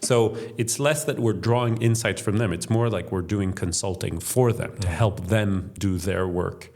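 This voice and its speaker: A man with a gravelly, creaky voice gives structured interview answers, walking through his points one by one. His voice sits a little low. He speaks as the head of a think tank. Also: normal speed, a little mellow. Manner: structured, explanatory, lists points in order. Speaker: think tank chief executive, podcast guest.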